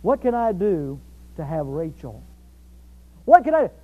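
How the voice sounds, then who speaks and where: A man's voice: a little high, big pitch swings, measured pace, voice pushed down. A man preacher voicing the young man Jacob, pleading and then protesting in a raised, rising voice. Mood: eager. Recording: dull lo-fi recording.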